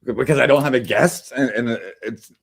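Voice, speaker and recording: A man's voice: mid-range voice, normal speed, gravelly. A man hosting a casual livestream from home, chatting in a meandering way with lots of fillers and restarts. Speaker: livestream host. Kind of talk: rambling casual livestream chat.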